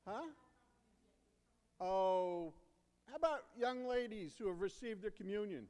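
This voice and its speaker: A man's voice: high-pitched, a little slow, darkish tone, clear, resonant tone. A man serving as deacon, giving a playful children's sermon, coaxing and teasing the kids into answering. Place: church sanctuary. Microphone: handheld or stand microphone. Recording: long church reverb.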